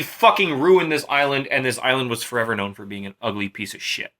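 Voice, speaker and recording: A man's voice: mid-range voice, animated, a little fast, hardly any pauses, sharp tone. A tipsy young man casually retelling a Greek myth in a rambling, profane way. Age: young adult. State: drunk. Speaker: storyteller.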